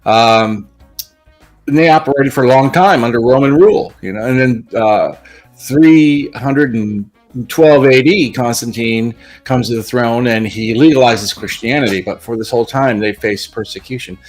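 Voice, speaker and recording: A man's voice: mid-range voice, normal speed. Male guest, thoughtful and explanatory, faint music behind. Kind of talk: casual discussion.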